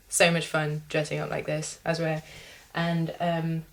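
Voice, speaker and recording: A woman's voice: low voice, level tone, a little slow, few pauses. A young woman, chatting casually to camera, rambling with fillers as she tells a story. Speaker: vlogger.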